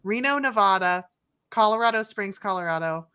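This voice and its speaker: Bright-voiced chatty woman. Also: mid-range voice, moderate pace, clear, resonant tone. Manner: chatty, reading out lists. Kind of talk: casual livestream chat.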